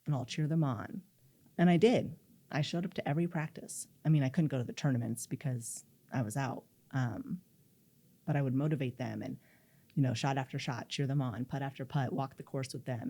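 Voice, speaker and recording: A middle-aged woman telling a personal story in an interview, acting out the dialogue she quotes. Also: very deep voice. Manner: animated, acts out quoted dialogue. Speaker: guest.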